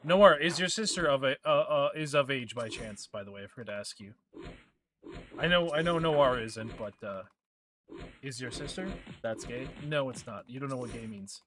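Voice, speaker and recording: A man at a middle pitch chats casually while he plays a game, trading crude jokes with his viewers. Faint noise and mouse clicks sit behind his voice. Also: normal speed, a bit bright. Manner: crude, joking banter with chat. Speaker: game streamer. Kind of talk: casual gaming stream chat.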